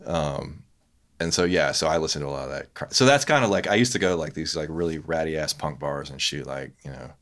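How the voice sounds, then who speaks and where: This guest, a man from South Louisiana who sounds about thirty-something, has a very deep, slightly bright voice and a quick pace. He chats casually, spinning profane, loose stories and imitating other voices.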